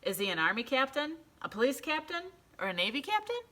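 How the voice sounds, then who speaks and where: A woman voicing a confused male city hall clerk on the phone who keeps mishearing and speaks slowly and politely. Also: high-pitched, sing-song, sharp tone, pitched above the performer's own voice, exaggerated voice. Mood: bumbling polite. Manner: slow, mishearing, overly polite.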